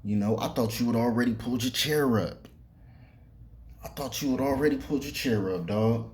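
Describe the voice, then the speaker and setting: This sports podcast host talks in a mid-range, darkish voice at a moderate pace. His casual commentary monologue is loose and full of swearing and fillers, and he aims it right at the players.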